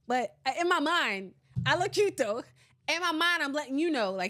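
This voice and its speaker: A young woman hosting a casual podcast, playful and animated, laughing often as she reads live comments. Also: sits high, a little slow, long pauses. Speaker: podcast host.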